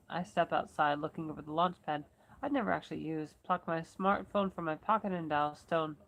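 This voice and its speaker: Woman reader, first-person novel, low gravelly voice, self-corrects as she goes. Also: normal speed, fairly bright tone, low-quality recording. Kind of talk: reading a novel aloud for elocution practice.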